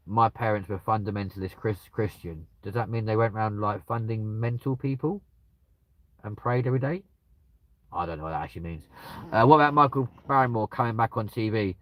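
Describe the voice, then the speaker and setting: Male streamer, crude banter, low-ish voice, dry close sound. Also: a bit bright, no echo. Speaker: livestreamer reading out chat. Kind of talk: casual chat. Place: at home with dogs nearby.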